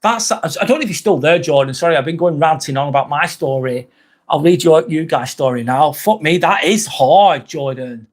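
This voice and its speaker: A man's voice: fairly high pitch, expressive, normal speed. A man hosting a live stream, talking candidly and bluntly, swearing often as he rambles and reads viewer comments aloud.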